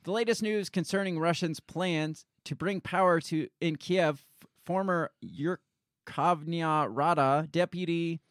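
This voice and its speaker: An American man reads political news aloud on a casual talk show and riffs on it with sarcasm. His voice sits a little high for a man, and the recording is dry and close. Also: no echo. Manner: conversational, sarcastic, mocks quoted officials in put-on voices. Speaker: podcast co-host.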